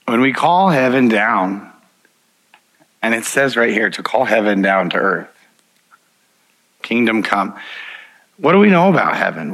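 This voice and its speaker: A man's voice: fairly low pitch, creaky, a bit bright, rough recording. A man preaching a sermon, telling personal stories in an earnest way, chuckling often and restarting his sentences. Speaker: pastor.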